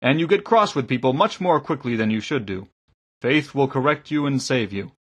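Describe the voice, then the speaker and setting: A man reading aloud, voicing an earnest middle-aged man who preaches gently but fervently to a small congregation. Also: mid-range voice, expressive, normal speed, husky. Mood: preaching.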